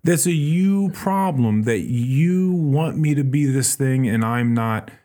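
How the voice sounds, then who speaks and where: A man hosting a podcast, retelling a book in casual, animated chat with plenty of swearing. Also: medium pitch, takes it slowly. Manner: animated, profane storytelling. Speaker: podcast host.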